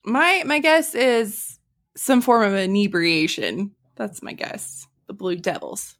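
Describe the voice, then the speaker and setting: A woman's voice: mid-range voice, lively intonation, slow. A woman with a Southern US accent, a podcast guest in casual chat who laughs often while guessing.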